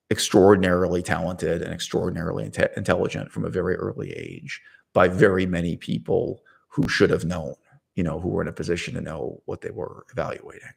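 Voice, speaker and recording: Gravelly low-voiced man rambling. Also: steady tone, fairly quick, a little mellow. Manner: digressive, self-correcting, laughs at his own story. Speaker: channel host. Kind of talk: rambling personal monologue.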